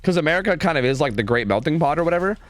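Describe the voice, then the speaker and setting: A man's voice: on the high side, lively intonation, rapid-fire, dry recording. A young man from New York streaming a game, talking in a laid-back way with lots of filler words. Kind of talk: casual gameplay commentary.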